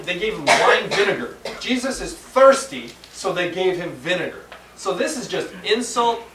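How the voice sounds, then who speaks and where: A man preaching a sermon, halting and repeating words, then rising to emphatic peaks. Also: a little high, fairly bright tone. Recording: roomy sound from a distant mic with faint background hum.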